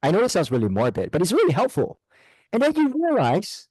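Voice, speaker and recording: Animated man giving a talk. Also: high voice, fairly quick, slightly rough, no room sound, rough recording. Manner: animated, chuckling, self-deprecating. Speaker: guest speaker. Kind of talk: motivational talk. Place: club meeting room.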